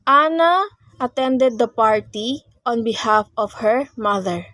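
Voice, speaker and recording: A woman's voice: on the high side, lively intonation, slow, a bit bright, no room sound. A young woman, presenting a class report on grammar in short read phrases. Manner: reads explanations in short phrases, with small restarts. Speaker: student presenter.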